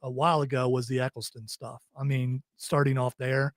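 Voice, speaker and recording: Joking radio host, dry studio sound. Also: male voice, medium pitch, flat delivery, brisk, dry recording. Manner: joking, rambling, reads listener texts. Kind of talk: casual on-air banter.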